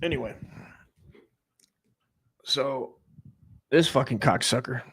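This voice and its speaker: A man's voice: mid-range voice, slow, fairly bright tone, husky. A man in his forties doing a crude, rambling comedic monologue, trailing off and restarting as he goes. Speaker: comedy podcast host.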